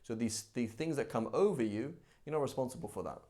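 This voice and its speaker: A man teaching a live religious class in a conversational, animated way, acting out everyday examples. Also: medium pitch, fast. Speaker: Islamic teacher.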